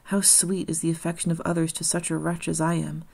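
A woman voicing a condemned young woman, resigned and pious, in a gentle, solemn audiobook reading. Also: low voice, level tone, fairly quick, vocal fry, slightly rough, full character voice.

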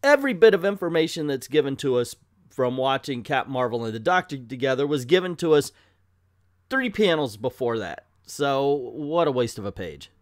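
A man's voice: medium pitch, big pitch swings, moderate pace, no echo, studio quality. A man hosting a casual comedic comic book review, sarcastic and exasperated.

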